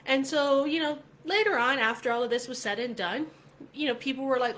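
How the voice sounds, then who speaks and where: A middle-aged woman hosting a casual vlog, telling a story in a chatty, animated way, with lots of filler words. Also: high voice, brisk. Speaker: vlog host.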